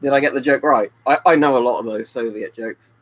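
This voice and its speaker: A tipsy man chats his way through a home webcam stream, rambling and reading out viewer comments as they come in. His voice sits at an ordinary male pitch, picked up by a webcam mic. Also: brisk, fairly bright tone, low-quality recording. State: tipsy from drinking. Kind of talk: casual live-stream chat.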